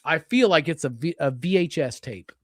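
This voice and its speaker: Excitable, profane male stream host. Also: fairly high pitch, normal speed, no echo. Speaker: live show host. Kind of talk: excited live-stream gift unboxing chat.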